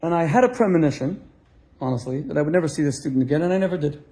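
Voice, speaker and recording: A middle-aged rabbi delivers a storytelling sermon to a live audience, his voice on the high side, dark in tone, and rapid-fire. He acts out both sides of a conversation and lands the punchlines.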